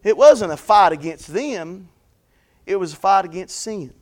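High-voiced fervent preacher man. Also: animated, a little slow. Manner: fervent, repeats "bless God", swings between hushed anecdotes and loud preaching. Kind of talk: sermon with folksy storytelling.

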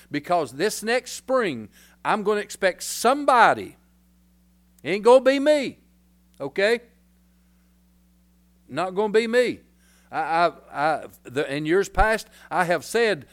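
Folksy older preacher, high voice. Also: male voice, sing-song, unhurried. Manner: folksy, rambling, bursts into hollers. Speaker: pastor. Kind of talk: sermon.

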